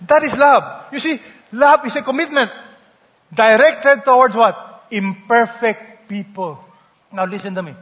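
A male pastor preaches with emphasis and calls for answers from the congregation. His voice sits high for a man, with a long church-hall reverb behind it. The recording sounds dull and lo-fi. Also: a little slow. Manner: emphatic, call-and-response with the congregation. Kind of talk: sermon.

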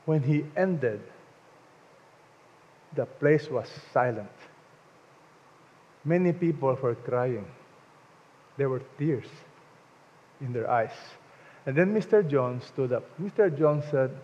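A man's voice: mid-range voice, slow pace, long pauses, a little mellow. A man preaching a sermon to a congregation, emphatic and leading them to repeat lines after him. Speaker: pastor. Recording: dull sound with long hall reverb.

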